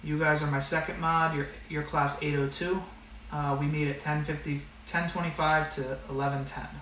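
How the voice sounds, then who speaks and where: A man's voice: on the high side, little pitch movement, normal speed, a bit bright, a little hiss or hum. A man teaching an online math class and going over the rules, talking in a casual, direct way with a lot of fillers. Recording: echoey room, slightly distant mic.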